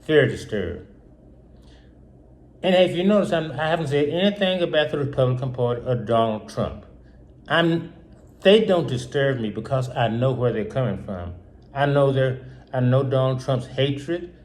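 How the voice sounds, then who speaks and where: A man's voice: medium pitch, moderate pace, a little mellow. A man hosting his own show, talking through an emotional political monologue that is full of repetition and rhetorical questions. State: upset. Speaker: host.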